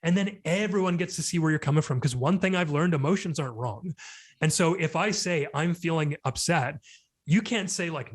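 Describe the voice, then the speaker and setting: A man's voice: fairly high pitch, a little fast. A middle-aged man talking animatedly as a podcast guest, explaining ideas through vivid analogies. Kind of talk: casual podcast conversation.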